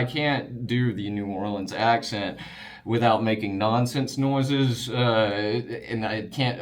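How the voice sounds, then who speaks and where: Male, Alabama Wiregrass Southern accent, lower pitch, casual rambling explainer. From Wiregrass region of Alabama. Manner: relaxed, rambling, with frequent fillers and restarts.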